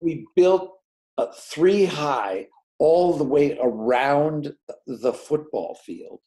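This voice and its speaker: A film director being interviewed, telling behind-the-scenes stories and acting out the dialogue of the people in them. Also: male voice, a little high, slow, poor audio. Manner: animated, acts out dialogue in quoted voices. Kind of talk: anecdotal storytelling in an interview.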